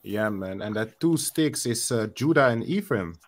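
Relaxed man running a Bible study, plain voice, easygoing. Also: lowish voice, normal speed. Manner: laid-back, calls for verses, says "you know, man". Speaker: leader of the scripture study session. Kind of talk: casual religious discussion.

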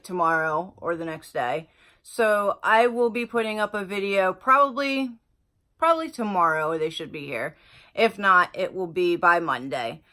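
A woman beauty vlogger chatting casually through an unboxing, gushing and exclaiming over the products. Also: medium pitch. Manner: gushing, excitable, lots of exclamations.

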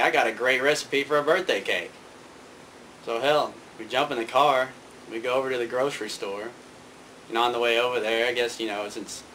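A man spins a long, loose story in an everyday voice of middle pitch. He rambles, doubling back and padding with fillers as he goes. Faint noise sits behind him. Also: bright, forceful tone, low-quality recording. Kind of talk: casual spoken anecdote.

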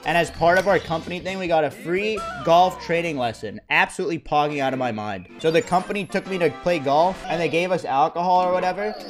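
A man streaming a game in casual chat, often breaking into giggles and dropping into a hushed mock-serious voice. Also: fairly high pitch, brisk, few pauses, music in the background. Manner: giggly, breaks into fits of laughter. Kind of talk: casual livestream chat while gaming.

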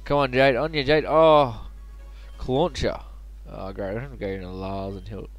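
A man's voice: medium pitch, steady tone, a little slow. A chatty man narrating his own game playthrough, joking and muttering asides. Faint music plays underneath. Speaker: let's play host. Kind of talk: casual gaming commentary.

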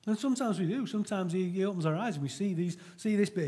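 Middle-aged male preacher, husky and a touch high-pitched, earnest and conversational sermon delivery. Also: fast, hardly any pauses, dark tone. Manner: earnest and conversational, with frequent restarts.

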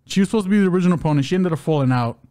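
A man's voice: high-pitched, expressive, rapid-fire, dark tone, clean tone. A man co-hosting a podcast, previewing fights in a loose, joking way and stumbling over names. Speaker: co-host of a fight-betting podcast.

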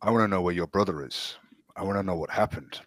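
A man playing a paladin in a tabletop game, speaking in a deliberate, forceful way. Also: sits low, no echo. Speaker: player. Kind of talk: tabletop role-play.

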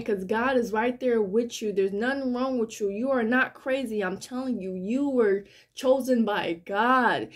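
A woman speaks in an unhurried, drawn-out way, her voice sitting a little high. She talks straight to her viewers about faith, earnest and heartfelt, circling back over the same points again and again. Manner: earnest, repetitive, heartfelt preaching. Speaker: spiritual vlogger. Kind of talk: casual spiritual monologue to viewers.

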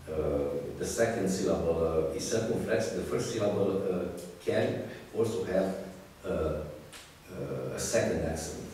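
A man giving an academic lecture, speaking haltingly with many fillers and restarts. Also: sits low, mellow. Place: lecture room. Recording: distant echoey hall recording with hiss.

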